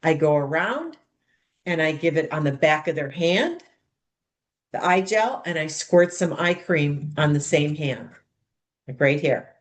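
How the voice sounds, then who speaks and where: A woman's voice: sits low, lively intonation, measured pace. A woman coaching others how to run a skincare party, demonstrating steps in a bubbly, chatty way and calling the group "you guys". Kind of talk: hands-on demonstration talk.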